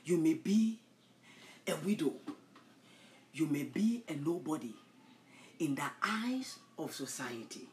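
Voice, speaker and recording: A woman preaching a sermon, dropping to hushed whispers and rising to loud, impassioned shouts. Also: low voice, sing-song, slow pace, pauses often, a little hiss or hum. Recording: echoey room.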